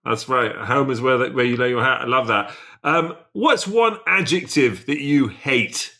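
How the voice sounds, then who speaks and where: Bright, upbeat male co-host. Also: mid-range voice, lively intonation, moderate pace. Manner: upbeat, teasing. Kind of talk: casual interview chat.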